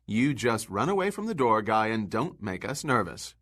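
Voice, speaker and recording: An anxious young wife tries to smooth things over with coaxing, nervous cheer. A man reads her, pitching up with a lively lilt. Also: moderate pace.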